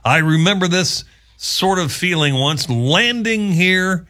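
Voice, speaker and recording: A man's voice: high-pitched, lively intonation, slow pace, pushed and bright. A male radio show host, chatting casually in a rambling, joking way with wry asides. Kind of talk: casual chat.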